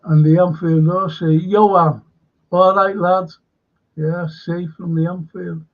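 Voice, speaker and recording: A man hosting a live stream, reading out viewer comments in a rambling, slow way with asides. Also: sits high, level tone, narrow, tinny audio. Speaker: host.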